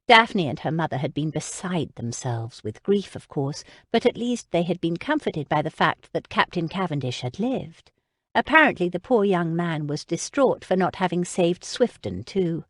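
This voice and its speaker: A woman narrating a historical romance audiobook in an expressive, measured manner. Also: lowish voice, dry recording, studio quality.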